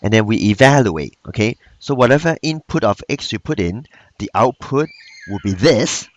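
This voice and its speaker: A man's voice: mid-range voice, no room sound. A man teaching math in a recorded lesson. He speaks patiently, repeats each key point, and talks in plain phrasing with loose grammar.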